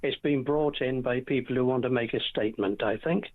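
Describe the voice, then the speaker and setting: A man's voice: mid-range voice, brisk. A man calling in to a radio show, blunt and matter-of-fact. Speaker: caller. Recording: tinny phone line.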